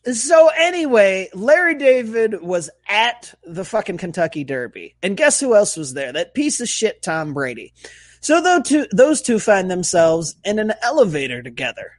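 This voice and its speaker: A man with a high, lively voice co-hosts a casual podcast, telling stories in an animated, profane way. His pitch swings widely and the sound is dry and close. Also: moderate pace, no echo. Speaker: podcast co-host.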